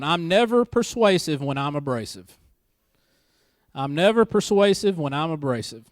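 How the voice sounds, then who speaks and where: A man's voice: on the high side, no echo, clean studio sound. A married man preaching a church sermon in a conversational way, with joking asides and key lines repeated for emphasis. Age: adult, married. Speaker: pastor. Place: church service.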